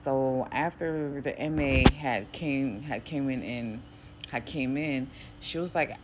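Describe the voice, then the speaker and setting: Low-voiced woman telling a testimony. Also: slow pace, heavy background noise. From New York. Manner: acts out quoted speech in a higher voice; grows quieter and softer later in the story. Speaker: Christian vlogger. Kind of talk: casual testimony storytelling.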